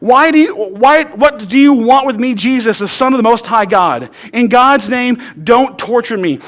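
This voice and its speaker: Possessed man in terror, pleading. A pastor putting on the voice, pitched high and pushed louder than his normal talk. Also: expressive, moderate pace. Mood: begging. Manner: pleading, desperate. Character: frantic terrified demon-possessed man, adult male.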